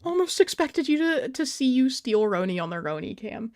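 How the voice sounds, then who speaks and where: A woman's voice: high voice, sing-song, normal speed, few pauses, a little mellow, dry recording, clean studio sound. A young adult woman hosting a casual live stream, chatting while she plays and answering her viewers' messages aloud.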